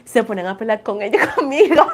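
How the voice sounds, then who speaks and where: Puerto Rican woman in her twenties, fairly high voice, casual chatty tarot host, laughs often. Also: very animated, racing. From Puerto Rico. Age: 20s. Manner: laughs often, switches between English and Spanish. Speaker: tarot reader livestream host. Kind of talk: casual livestream chat.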